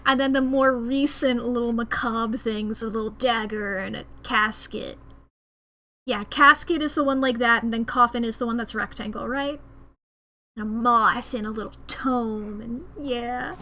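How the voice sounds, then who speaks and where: A woman's voice: fairly high pitch, steady tone, measured pace, pushed and bright, slight background noise. A woman streaming a story game, chatting casually with self-mocking asides between reading lines. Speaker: streamer playing a visual novel.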